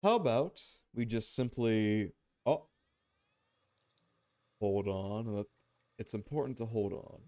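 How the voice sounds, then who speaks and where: A man's voice: on the low side, takes it slowly, long pauses, darkish tone, no room sound, studio quality. A man streaming a game, chatting casually, joking and swearing now and then. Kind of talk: casual gameplay commentary.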